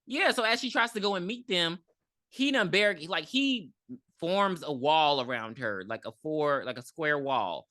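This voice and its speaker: Woman podcast host, lowish voice, bright and lively, swearing as she tells the plot. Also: measured pace, no echo, clean studio sound. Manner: profane, animated storytelling with acted-out quotes. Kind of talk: casual movie recap.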